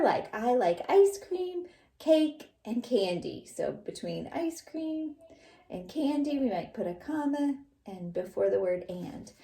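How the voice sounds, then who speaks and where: A woman teacher giving a lesson to young children, speaking slowly and clearly. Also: medium pitch, dark tone, reverberant. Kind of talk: classroom lesson.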